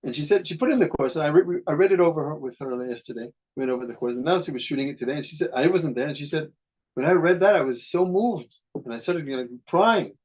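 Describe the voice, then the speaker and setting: A man's voice: a little high, fast talker, a little mellow. A man in casual conversation who rambles and searches for his words as he talks. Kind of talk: casual chat. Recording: dull lo-fi sound.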